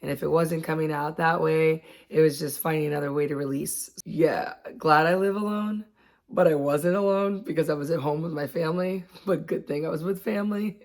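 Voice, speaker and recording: A woman in her late thirties talking casually about her own experiences, chatty and quick to laugh. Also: low voice, steady tone, a little mellow. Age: 30s. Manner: chatty, laughs often, acts out quotes. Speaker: vlogger. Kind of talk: casual chat.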